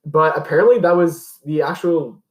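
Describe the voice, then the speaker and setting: A man's voice: a little high, moderate pace. Young guy podcasting, rambly, lots of "like" and "you know", roomy echo. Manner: rambling, many fillers and restarts. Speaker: podcast host. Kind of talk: casual chat. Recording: echoey room.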